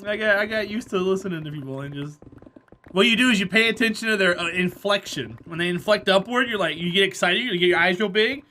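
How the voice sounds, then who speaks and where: Bright-voiced man telling rambling stories. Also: sits high, fast talker, slight background noise. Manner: rambling storyteller, laughs often. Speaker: game streamer. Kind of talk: casual chat with viewers while gaming.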